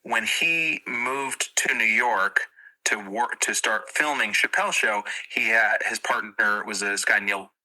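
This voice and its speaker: A man's voice: on the low side, unhurried, bright, forceful tone, rough recording. A middle-aged male comedian from near Boston chatting on a podcast in a wry, self-deprecating way. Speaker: guest comedian. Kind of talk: casual podcast chat.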